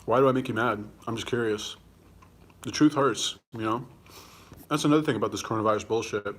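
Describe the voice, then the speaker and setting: A man's voice: lowish voice, brisk, fairly bright tone. Blunt, combative man chatting on a livestream. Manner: blunt, combative, swears casually; talks while eating. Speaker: livestream host answering viewer comments. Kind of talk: casual livestream chat.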